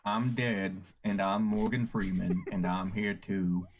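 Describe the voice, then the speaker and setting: A podcaster doing a deadpan deep-voiced celebrity impression. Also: a little slow, a little hiss or hum. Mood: deadpan joking. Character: deadpan impression of a deep-voiced famous actor, a dead man.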